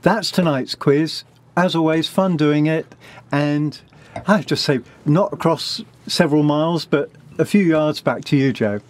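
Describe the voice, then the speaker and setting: A man presenting a music quiz on a live show, announcing the answers and winner in a relaxed, friendly way. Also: fairly high pitch, a little slow. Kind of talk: casual quiz round-up.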